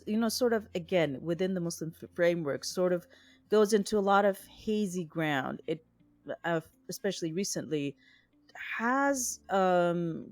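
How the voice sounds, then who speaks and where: Woman, podcast host, lower pitch, dry close recording, hesitant questioning. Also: darkish tone, no echo. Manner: hesitant, searching for words with fillers, brief backchannels. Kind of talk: casual interview questions.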